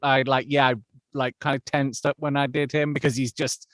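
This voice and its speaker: A man's voice: medium pitch, flat delivery, normal speed, a bit bright, dry recording, clean studio sound. A man who narrates audiobooks, chatting casually as an interview guest, with lots of fillers and restarts. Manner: chatty, self-deprecating, many fillers and restarts.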